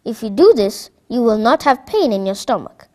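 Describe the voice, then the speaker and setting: A woman voicing a patient doctor who slowly explains hygiene to children in a storybook. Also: fairly high pitch, big pitch swings, mellow. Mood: instructive. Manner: slow, instructive. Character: patient, kind doctor giving advice.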